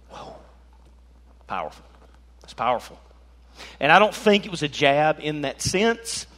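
A man preaching an animated sermon as pastor, joking and swinging between loud and soft. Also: fairly high pitch.

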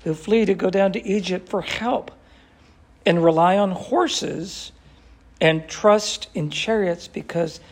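A man's voice: sits high, takes it slowly. A man teaching an interactive Bible study who asks his class questions and quotes scripture expressively.

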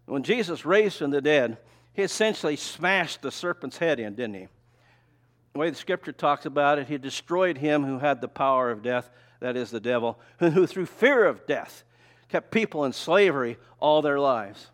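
A man's voice: on the high side, animated, moderate pace. Older male preacher, folksy and conversational, keeps throwing rhetorical questions at the room. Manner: folksy, tells personal stories. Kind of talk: sermon with slides.

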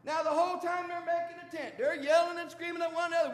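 A man's voice: extremely high pitch, fairly even intonation, fast talker, hardly any pauses. A man preaching a sermon in a folksy, colloquial storytelling manner. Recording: echoey hall with long reverb.

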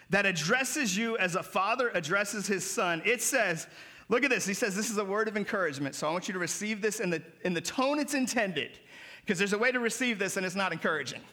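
A man's voice: high voice, brisk, sharp tone. A male pastor preaching a sermon, calling on the congregation to respond and rising to emphatic peaks.

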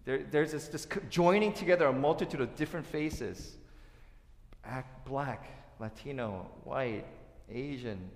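A man preaching a sermon as pastor, telling stories and acting out quotes in a lively way. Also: mid-range voice, unhurried. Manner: storytelling, lively asides and acted-out quotes. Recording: echoey hall.

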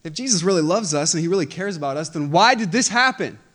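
A man preaching a sermon as pastor, impassioned and repeating phrases as he builds to loud emphatic peaks. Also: high-pitched, animated, fast talker.

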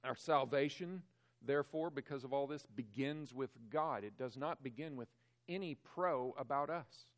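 A man preaching a sermon as pastor, emphatic, swelling louder on key phrases and dropping low and quiet on others. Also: normal speed.

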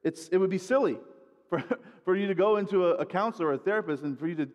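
Conversational preacher in an echoey hall. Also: male voice, high-pitched, quick pace, muffled recording. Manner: conversational, repeats words while building points. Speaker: guest preacher. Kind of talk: sermon.

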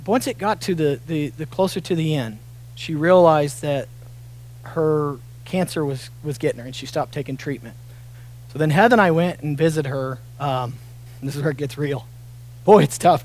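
A pastor with a high voice delivers an earnest sermon in a church auditorium. He moves between soft, almost tearful moments and loud, emphatic peaks.

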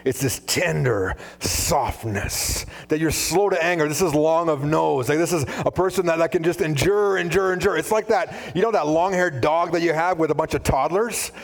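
A man preaching a sermon as pastor, conversational and animated, full of asides. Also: a little high, normal speed, vocal fry, few pauses.

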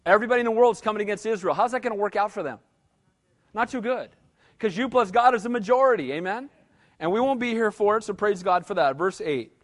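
A man with a notably high voice preaches to his congregation. He is a middle-aged pastor who talks conversationally, tells stories and keeps asking the room to agree with him. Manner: conversational preaching with asides and audience prompts. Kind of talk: sermon.

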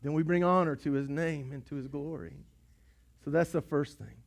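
A high-voiced man preaches a sermon from the pulpit, his drawl coming through clearly. He swings between quiet, close asides and loud, repeated rallying lines to his congregation. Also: normal speed. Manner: preaching in swells from hushed to shouting, repeats words. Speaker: pastor. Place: church sanctuary. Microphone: pulpit mic.

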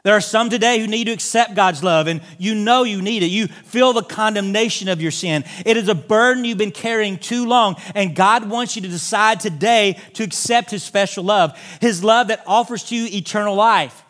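A man's voice: high-pitched, moderate pace, few pauses, fairly bright tone. A pastor preaching a sermon in a church, making earnest, direct appeals to his congregation. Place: church sanctuary.

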